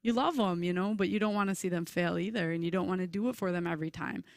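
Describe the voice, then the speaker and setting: A woman in her forties, a podcast guest in casual chat, telling lively stories and acting out voices. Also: lowish voice, quick pace, vocal fry, no room sound, studio quality. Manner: chatty, animated storyteller, acts out voices.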